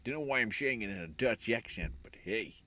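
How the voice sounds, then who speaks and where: A man's voice: on the low side, lively intonation, a little fast, sharp tone, slight background noise. A man hosting a gaming channel, rambling casually and correcting himself as he talks through gaming news. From United Kingdom. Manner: rambling, self-correcting, chatty. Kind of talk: casual solo gaming commentary.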